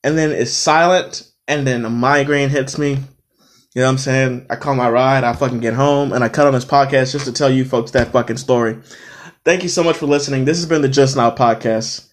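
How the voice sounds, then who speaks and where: A man hosting his own podcast, telling a workplace story in a profane, animated way and tired after a long day. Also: mid-range voice, brisk. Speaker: podcast host. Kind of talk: casual storytelling monologue.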